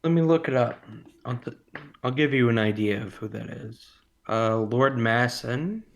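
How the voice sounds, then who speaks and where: A man's voice: medium pitch, moderate pace, creaky. A man co-hosting a casual film podcast, rambling and joking as he loses his train of thought. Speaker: podcast co-host.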